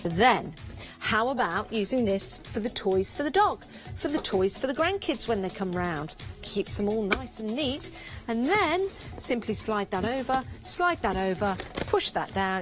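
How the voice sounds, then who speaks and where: A woman with an English Midlands or Northern accent presenting on a live shopping channel in a TV studio, chatty and upbeat, repeating prices and counts for emphasis. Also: mid-range voice. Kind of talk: live TV product selling.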